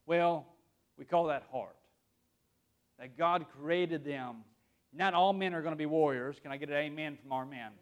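A man's voice: fairly high pitch, normal speed, long pauses, fairly bright tone. A man preaching a sermon to his congregation, casual and conversational, often asking them questions. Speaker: pastor.

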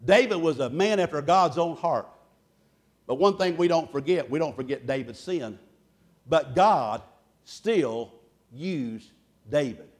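A man preaching a sermon, loud and boisterous, telling folksy stories between points. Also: on the high side, animated, moderate pace. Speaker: pastor.

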